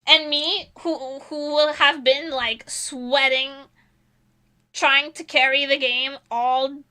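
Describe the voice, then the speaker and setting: A young woman chats casually on her stream, self-mocking and swearing freely. Her voice sits high and bright, and she talks at an unhurried pace. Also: fairly even intonation. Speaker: vtuber streamer.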